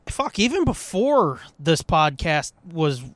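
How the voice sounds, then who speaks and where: A man's voice: on the high side, big pitch swings, slow pace, dry recording, clean studio sound. A man co-hosting a podcast, swearing constantly and joking crudely in casual banter. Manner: profane, joking, puts on voices. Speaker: podcast co-host.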